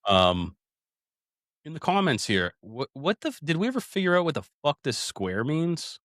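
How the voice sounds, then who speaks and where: This co-host, a man in his thirties, has a fairly high, fairly bright voice and is very animated at a moderate pace, recorded studio-quality with no echo. He rambles through profane stories on a casual podcast, calling listeners "dude" throughout.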